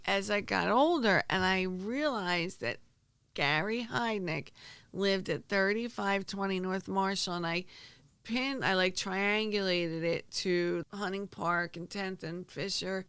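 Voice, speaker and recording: A woman telling a story in a loose, rambling way, often stopping and starting over. Her voice has a gravelly edge at mid pitch. The sound is dry and close, with no room around it. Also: dry recording. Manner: animated, rambling, with many restarts. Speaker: true crime podcast host. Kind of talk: casual storytelling.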